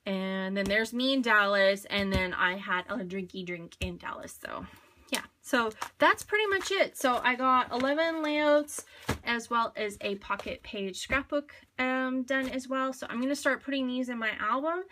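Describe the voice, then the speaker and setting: Bright-voiced chatty woman vlogger. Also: fairly high pitch, normal speed, slight background noise. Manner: chatty, rambling, many fillers. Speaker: scrapbooking vlogger. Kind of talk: casual show-and-tell chat.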